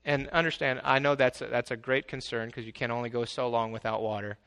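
A man preaching a sermon as pastor, swinging from quiet asides to loud, exclaiming passages. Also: mid-range voice, fairly even intonation, brisk, smooth.

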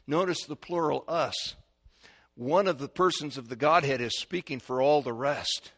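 A middle-aged male pastor delivers a sermon with animation, acting out the voices of characters in his stories. His voice sits in the mid range and his pace is moderate.

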